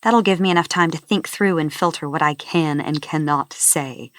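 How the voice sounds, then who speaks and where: A woman voicing a playful, cheeky young man who teases and lilts brightly, sitting higher than her narration. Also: moderate pace, no room sound, studio quality, lightly acted. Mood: teasing.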